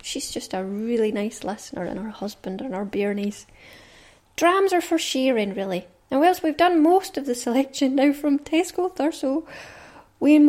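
A woman's voice: high voice, dark tone. A Scottish woman hosting a podcast, talking in a chatty, cheerful and enthusiastic way. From Scotland. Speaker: podcast host. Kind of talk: casual podcast chat.

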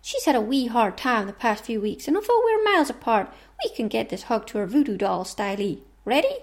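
A woman voicing two chatty female toy dolls, putting on an American accent and trading cheery, sing-song lines. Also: high-pitched. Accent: put-on American. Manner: sing-song, exaggerated, cheery back-and-forth.

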